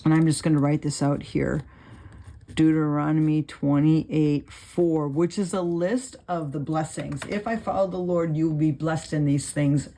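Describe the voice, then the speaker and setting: A woman's voice: low-pitched, fairly even intonation, a little slow, dark tone. A woman hosting a Bible study channel, reading verses aloud and then explaining them casually, thinking aloud with many fillers as she writes notes.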